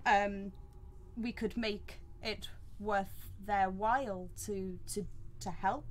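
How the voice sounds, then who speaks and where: An earnest male villager pleads politely and hesitantly for help in a tabletop game, as a woman puts him on in her own everyday voice. He speaks at a steady mid pitch. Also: takes it slowly, natural voice. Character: earnest male villager seeking his friend.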